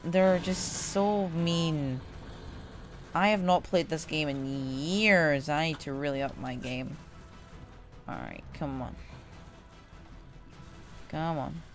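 A woman giving casual gameplay commentary as a gaming YouTuber, excitable and trash-talking, shouting at enemies. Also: low voice, takes it slowly, pauses often, faint music behind.

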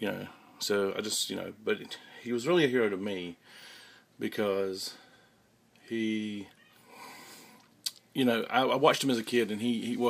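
A young man talking haltingly to his camera in a casual vlog, with many restarts and fillers. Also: lowish voice, a bit bright. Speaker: vlogger. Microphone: handheld camera mic.

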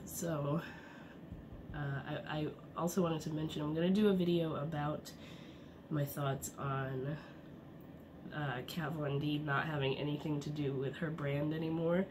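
A woman's voice: low-pitched, flat delivery, a little slow. Woman, thirties, congested cold voice, rambling vlog chat, audible background noise. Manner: rambling, chatty, with frequent fillers and laughs. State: congested, sick voice. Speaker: vlogger. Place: at home. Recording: noisy home recording.

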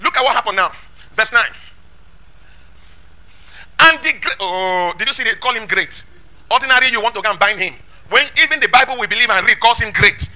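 A man preaching, his voice very high and ringing bright. He swings up and down in pitch, and he presses each point home with rhetorical questions and shouted scripture. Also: expressive, brisk, pauses often. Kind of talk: sermon.

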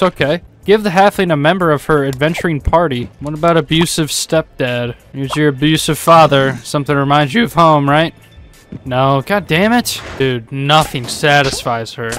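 A man giving casual, sarcastic commentary over gameplay, swearing often and breaking into loud outbursts. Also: on the high side. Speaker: let's play gamer.

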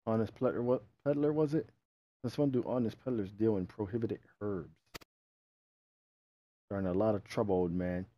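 A man's voice: fairly low pitch, normal speed, pauses often, highs cut off, natural voice. A man voicing a harsh, scornful male guard in a game. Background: game music.

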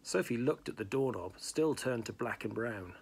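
Man reading a novel aloud, gravelly. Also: mid-range voice, lively intonation, moderate pace, a little mellow, slight background noise. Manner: plain narration with small slips and restarts. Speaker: reader.

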